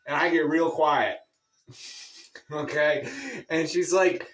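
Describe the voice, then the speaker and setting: Brief: male comedian, deadpan rambling storyteller, slightly high voice. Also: takes it slowly, pauses often. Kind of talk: stand-up storytelling.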